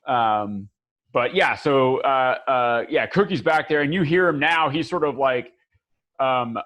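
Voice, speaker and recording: A man's voice: medium pitch, a little slow, fairly bright tone. A man narrating a tabletop game as game master, rambling with many fillers and restarts, on a dull lo-fi recording.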